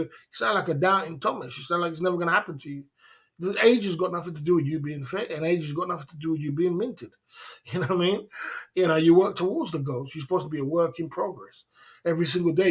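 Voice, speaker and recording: A man's voice: fairly high pitch, fairly quick, fairly bright tone. A man hosting a livestream, giving a blunt, repetitive motivational rant with slang and laughing asides. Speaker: livestream host. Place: indoors in Thailand.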